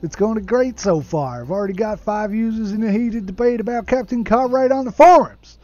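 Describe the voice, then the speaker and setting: A man's voice: sits high, moderate pace, dark tone, no echo, highs cut off, voice pushed up, close to an everyday voice. A british man putting on a keen american film buff. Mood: eager. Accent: put-on American.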